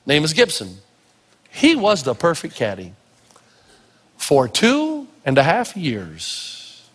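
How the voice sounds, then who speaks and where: A male pastor from Tennessee preaching a sermon full of stories, acting out voices and shouting for emphasis. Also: medium pitch, long reverb tail. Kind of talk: sermon with storytelling.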